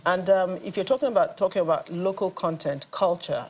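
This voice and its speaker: A woman speaks in a studio interview with a lowish voice. She is confident, emphatic and passionate. The audio is slightly muffled, with a faint hum behind it. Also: fairly quick, darkish tone. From Nigeria. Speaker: theatre and film producer, guest.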